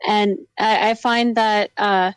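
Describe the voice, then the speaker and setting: A woman's voice: mid-range voice, fairly even intonation, takes it slowly, clear, resonant tone. A young woman who grew up partly in New Zealand, co-hosting a live stream in chatty, easily amused casual talk. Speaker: co-host. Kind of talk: casual chat.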